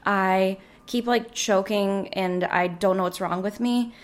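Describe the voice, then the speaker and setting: A woman in her twenties hosting a casual solo podcast, slightly hoarse, rambling and chatty with lots of filler words. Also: mid-range voice, steady tone, slow pace. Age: 20s. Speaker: podcast host.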